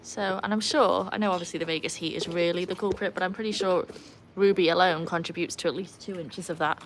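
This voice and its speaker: A woman chatting casually on a livestream from beside a backyard pool, breaking into a high sing-song voice to praise her dog. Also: brisk, background noise. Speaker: livestream host and dog owner. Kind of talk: casual live chat. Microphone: phone.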